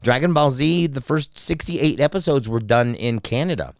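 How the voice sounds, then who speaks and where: A man's voice: medium pitch, expressive, normal speed, no echo, studio quality. A man who is a comedian and voice actor, telling stories in casual podcast chat with lots of swearing and fillers. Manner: storytelling, profane, lots of fillers. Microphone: studio microphone.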